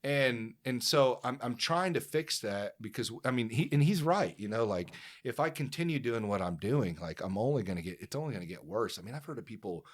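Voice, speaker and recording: A man's voice: medium pitch, expressive, fairly quick. A man hosting a podcast, talking in a loose, profane, rambling way with lots of fillers. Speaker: podcast host. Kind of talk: casual chat.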